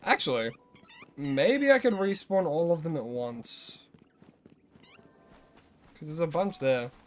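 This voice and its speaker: A man's voice: on the high side, animated, slow, slight background noise. A young Australian man chatting casually with his viewers as a game streamer, greeting them and rambling between tips. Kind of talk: casual live-stream chat.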